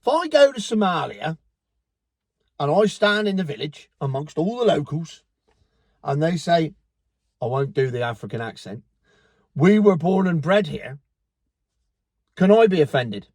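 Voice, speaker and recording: High-voiced ranting Cornish man. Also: very animated, moderate pace, pauses often, dry recording. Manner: ranting, profane, sarcastic. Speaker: vlogger. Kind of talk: angry opinion rant to camera.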